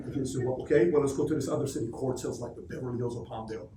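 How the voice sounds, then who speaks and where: A man speaks to an office crowd in an animated, emphatic way, firing questions at the room. His voice sits at an ordinary pitch and echoes off the walls. It is picked up from a distance, with faint noise behind it. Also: very fast, hardly any pauses. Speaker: motivational speaker addressing a team. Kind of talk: live motivational talk to an office crowd. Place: office meeting space. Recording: echoey room, recorded from far off.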